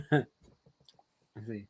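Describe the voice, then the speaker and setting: An American man hosting casual trivia banter, jokey and swearing, laughing as he talks. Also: very slow. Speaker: host.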